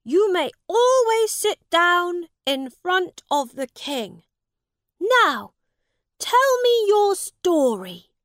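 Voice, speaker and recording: A woman voicing a young boy king who is proud and earnest, speaking in a high, commanding voice. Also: very animated, extremely slow, fairly bright tone, no room sound, studio quality, heavily acted.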